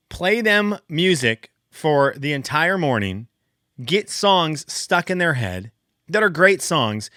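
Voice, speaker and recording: A man in his thirties talks straight to the listener in a casual monologue. He gets animated and exasperated, and his voice leaps up for emphasis. His tone is bright and forceful, and the recording sounds dry and close with no room sound. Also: no echo. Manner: animated, exasperated, jumps high in pitch for emphasis. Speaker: podcast host.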